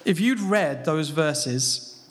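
A man's voice: on the high side, expressive, takes it slowly, fairly bright tone. A man preaching a sermon, talking conversationally and asking his listeners rhetorical questions. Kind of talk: sermon on a Bible passage. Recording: long reverb of a large hall.

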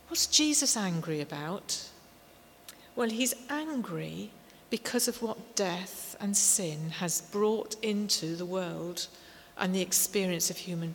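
A woman preaching a sermon, slow and emphatic, with warm storytelling asides. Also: medium pitch. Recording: long hall reverb, faint noise.

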